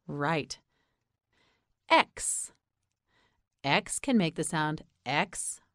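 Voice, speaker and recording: A woman with an American accent teaching English pronunciation, saying each word slowly and clearly and asking the listener to repeat it. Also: lowish voice, no echo, studio quality. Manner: repeats words slowly and asks the listener to say them back. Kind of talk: slow, clear scripted lesson narration.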